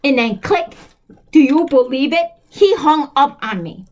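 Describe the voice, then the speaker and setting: A woman's voice: high-pitched, expressive, a little slow, darkish tone. A woman telling a long first-person story in a rambling, repetitive, earnest way.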